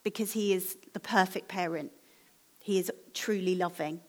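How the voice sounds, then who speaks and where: A woman preaching a sermon in a church, speaking in a gentle, earnest and encouraging way. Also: fairly low pitch, fairly even intonation, normal speed. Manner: gentle, earnest, encouraging appeal with soft laughs.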